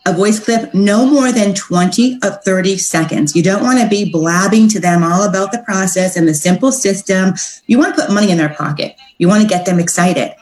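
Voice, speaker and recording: A woman giving a casual training talk on direct sales, upbeat and chatty, acting out sample messages in a brighter voice. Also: mid-range voice, brisk, echoey room, rough recording.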